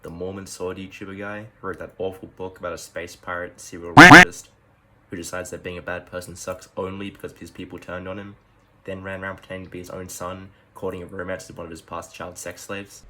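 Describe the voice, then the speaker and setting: A man's voice: sits low, fairly even intonation, a little fast, sharp tone, a little hiss or hum. A man playing a blunt, teasing male alter ego of himself who talks in a dry, mocking way.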